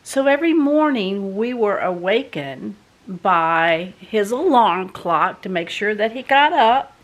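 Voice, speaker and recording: A woman's voice: medium pitch, slow pace. A woman vlogger, telling a folksy home story to the camera in a chatty way. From American South. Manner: chatty, folksy, animated when retelling. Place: home in a doublewide.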